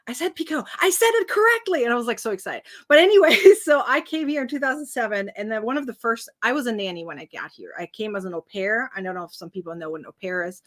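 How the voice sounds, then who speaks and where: A woman's voice: medium pitch, expressive, fast, few pauses, fairly bright tone. A woman in her thirties with a slight foreign accent, a guest chatting and laughing often while she tells stories in an interview. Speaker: guest crafter. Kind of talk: casual interview chat.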